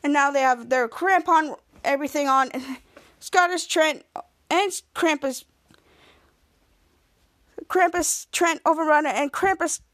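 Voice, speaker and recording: A woman with a high voice hosts a podcast and walks through a TV episode scene by scene. Her telling is halting, full of restarts and clipped-off words as she hunts for the next detail. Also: a bit bright. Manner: halting retelling with frequent restarts and cut-off words. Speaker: podcast host.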